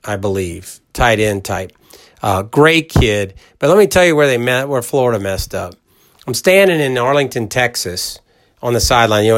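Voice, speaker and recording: Folksy middle-aged male podcast host, mid-pitched, emphatic and rambling, chatty storyteller. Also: a bit bright. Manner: folksy, rambling storyteller who acts out quoted voices; emphatic, talks straight to listeners. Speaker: college football podcast host. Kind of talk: casual podcast chat.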